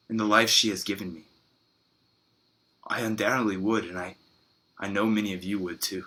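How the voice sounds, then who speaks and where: Earnest man preaching a bright sermon. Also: lowish voice, fairly even intonation, slightly rough. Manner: earnest storytelling with halting pauses and fillers. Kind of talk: sermon with a told story.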